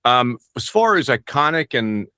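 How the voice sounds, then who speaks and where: A man's voice: mid-range voice, very animated, moderate pace, bright, forceful tone, smooth, no echo, clean studio sound. A middle-aged man, a voice actor, talking casually in an interview, rambling and self-deprecating with many restarts. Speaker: voice actor guest.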